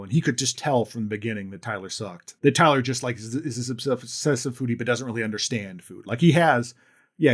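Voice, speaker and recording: A man co-hosting a podcast walks through a movie's plot in loose, profane conversation. He retells it with energy and slips into the characters' lines. His voice sits in an ordinary middle pitch. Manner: animated retelling with lots of swearing and acted-out quotes. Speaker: podcast co-host. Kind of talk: casual film discussion.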